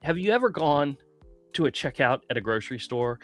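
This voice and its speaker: A man hosting a casual talk show, telling a long story in an animated, indignant way. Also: mid-range voice, a little fast, no echo. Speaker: podcast host. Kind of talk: casual chat.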